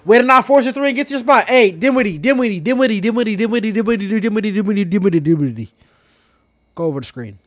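A high-pitched man reacts to a basketball game as it happens. He calls out to players by name, cheers big plays and grumbles about poor defense, often with profanity. His voice is light and sits high for a man. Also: fast. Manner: loud, excitable, shouting at players, profane. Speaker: sports reaction host. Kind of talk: live game reaction commentary.

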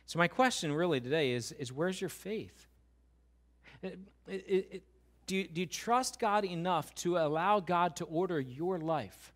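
A man's voice: fairly high pitch, unhurried. A man preaching a sermon as a pastor, emphatic and full of rhetorical questions, repeating phrases for weight.

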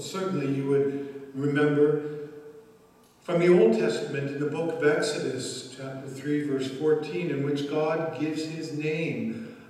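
A man preaching a sermon as the pastor, speaking slowly and deliberately with emphatic pauses, recorded in a church sanctuary. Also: fairly high pitch, a little mellow. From Canada. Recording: echoey church hall, mic at a distance.

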